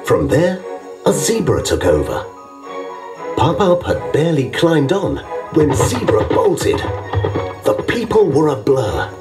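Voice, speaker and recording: Male narrator for a children's storybook app, very lively pitch, slow, distant with music. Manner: expressive, measured storytelling.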